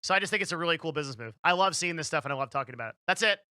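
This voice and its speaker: A man's voice: on the high side, expressive, racing, pushed and bright, clean tone, no room sound. A young man giving casual commentary, rambling with many restarts and fillers.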